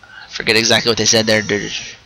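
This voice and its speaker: A man hosting a casual solo podcast, rambling and restarting his sentences, with quick asides while he plays a game. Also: on the low side, completely flat delivery, bright, forceful tone, no echo, rough recording. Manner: rambling, stops and restarts mid-thought; chatty, with short asides while playing a video game. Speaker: podcast host.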